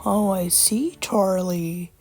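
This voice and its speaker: A woman's voice: mid-range voice, slow, darkish tone, breathy edge. A woman voicing a firm, scolding father in a children's story. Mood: gentle. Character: stern strict father, patient but firm.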